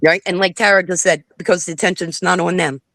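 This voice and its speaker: A woman's voice: on the low side, fairly even intonation, fast, a bit bright, no room sound. A middle-aged woman from the northern US hosting a livestream, cursing freely while she tells stories and imitates other people. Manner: profane, storytelling, mimics others. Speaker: livestream host. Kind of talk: casual livestream chat.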